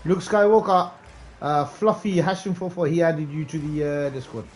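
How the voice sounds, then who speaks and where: A man's voice: a little high, moderate pace. A man streaming a game live, chatting casually and calling out viewers by name. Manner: excitable, calls out viewers by name. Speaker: gaming streamer.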